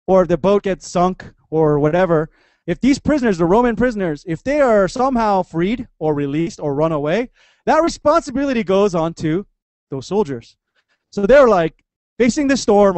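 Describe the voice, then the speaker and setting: A man's voice: high voice, lively intonation, moderate pace, a little mellow, dry recording. A man in his thirties, a pastor giving a chatty sermon, joking and acting out the people in the stories. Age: 30s. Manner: chatty and joking, acts out voices of the story. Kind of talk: casual sermon.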